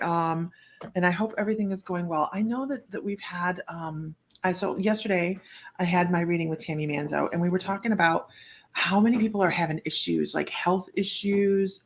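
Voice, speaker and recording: Gravelly-voiced woman hosting a chatty stream. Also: fairly low pitch. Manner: rambling and chatty, greeting viewers by name. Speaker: psychic reader hosting a live stream. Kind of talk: casual live-stream chat.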